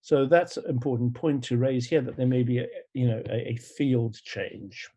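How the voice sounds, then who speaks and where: A man giving an academic lecture as a pathology professor, measured and explanatory, pausing often on "uh". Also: mid-range voice, dark tone, slightly rough. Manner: measured, explanatory, with frequent "uh" pauses. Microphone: remote talk recording.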